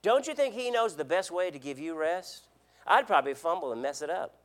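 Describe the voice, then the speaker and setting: A man's voice: fairly high pitch, animated, brisk. A man preaching a sermon as an elder, earnest, repeating words and asking the congregation questions. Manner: swings between loud emphasis and quiet drops.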